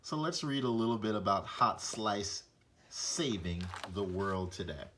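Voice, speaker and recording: A man teaching a reading lesson, explaining punctuation and reading a short story aloud to show flat and expressive delivery. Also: fairly low pitch, a little slow, slight background noise.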